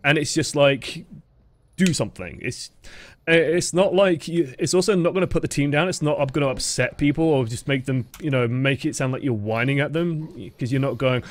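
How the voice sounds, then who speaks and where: A man coaching players through a gameplay review, blunt and sweary with lively reactions, close to his microphone. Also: a little high, brisk. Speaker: game coach reviewing footage. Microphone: close desk microphone.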